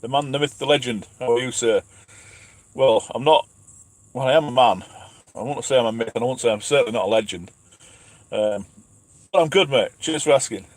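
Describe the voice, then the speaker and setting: A man from England chats casually from his truck cab at night, laughing at himself as he reads out viewer questions. His voice sits at an everyday middle pitch, and the sound is dry and close. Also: fairly quick, no echo. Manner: chatty, self-mocking, laughs often, reads names aloud. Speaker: truck driver and channel host. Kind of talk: casual live-stream chat reading viewer questions.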